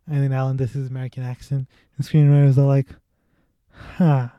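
A man's voice: medium pitch, monotone, quick pace, clear, resonant tone, dry recording, muffled recording. A man casually chatting about movies with a friend, laid-back and joking, swearing now and then.

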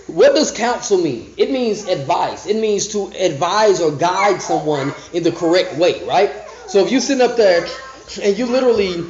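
A man with a fairly high voice teaches scripture in a loose, conversational way. He slows right down for each verse, then jumps back into restarts and asides. The recording is dull and echoey, as if made in a bare room. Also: big pitch swings, darkish tone. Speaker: podcast Bible teacher.

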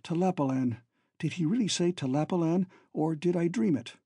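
A man's voice: fairly high pitch, normal speed, dark tone, breathy edge, no room sound, studio quality, voice pushed up. A man voicing an older man gripped by dread, muttering uneasily in a raised voice.

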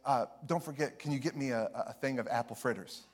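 A man voicing a kind, soft-spoken older aunt with a very gentle, hushed voice. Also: medium pitch, brisk, close to an everyday voice. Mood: soft, sweet. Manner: sweet, then suddenly firm and insistent.

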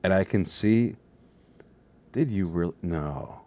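A slightly hoarse man with a very low, mellow voice talks alone at his desk to his webcam. He rambles from topic to topic, teasing himself in a loose, jokey way. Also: expressive, takes it slowly. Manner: self-mocking, jokey, drifts between topics. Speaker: solo vlogger. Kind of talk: rambling casual monologue to camera. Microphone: desk setup facing a webcam.

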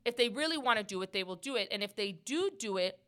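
A loud, lively woman hosts a casual podcast chat. Her voice is bright and forceful. She is middle-aged and laughs easily between points. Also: medium pitch, fast. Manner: loud, animated, laughs often. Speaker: podcast host.

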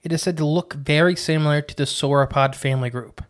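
Chatty man co-hosting a podcast, higher voice. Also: fast. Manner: chatty, rambling, frequent "uh" and "like". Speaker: podcast co-host. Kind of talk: casual podcast banter.

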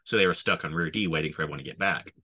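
A man's voice: sits low, very fast, pushed and bright. A man, an army veteran, telling war stories casually and swearing constantly.

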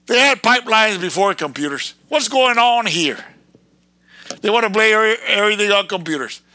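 A man ranting in a fiery, erratic preaching monologue, breaking into sudden shouted bursts. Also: high voice, expressive, a little fast, dry recording.

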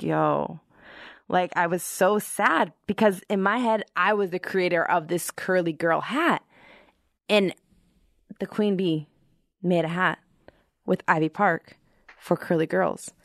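A chatty woman, the founder of a hair-friendly hat brand, tells stories casually to camera in a lowish, creaky voice. She's expressive, acting out animated quoted reactions, and the sound is dry and close.

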